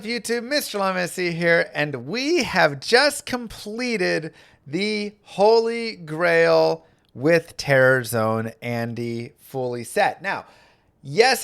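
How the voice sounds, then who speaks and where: Excitable young streamer guy, unhurried. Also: on the high side, smooth. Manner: excitable, chatty, thanks viewers. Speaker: streamer and host. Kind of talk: casual live gameplay commentary.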